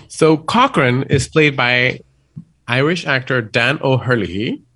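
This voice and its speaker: A man with a Puerto Rican accent co-hosting a casual film discussion, talking rapidly and often restarting his sentences. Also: medium pitch, animated, sharp tone, breathy edge. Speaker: podcast co-host.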